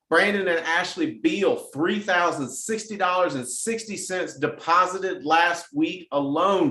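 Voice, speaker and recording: A middle-aged man hosts a weekly team message with an energetic, hyped-up delivery, hammering points home by repeating them. His voice sits a bit high for a man, and the sound bounces around an echoey room. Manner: energetic, repeats phrases for emphasis. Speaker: sales team leader hosting a weekly message. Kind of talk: motivational team address.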